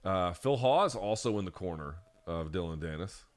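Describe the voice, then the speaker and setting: A man's voice: low voice, animated, moderate pace, dry recording. A man co-hosting a live watch-along, chatting casually, swearing freely and rambling through stories. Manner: laid-back, swears freely, rambling storyteller. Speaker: co-host.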